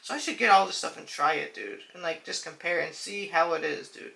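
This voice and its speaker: A man's voice: fairly high pitch, brisk, creaky, sharp tone. A young man hosting a casual reaction video, rambling with lots of fillers and calling the viewers "dude" and "guys". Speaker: video host.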